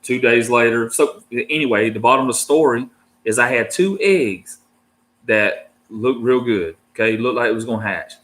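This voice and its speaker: A man's voice: medium pitch, lively intonation, moderate pace, a bit bright. A married man chatting casually to his viewers as a reptile keeper, with a laid-back, slangy way of talking full of "dude" and "man". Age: adult, married. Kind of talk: casual rambling chat to viewers.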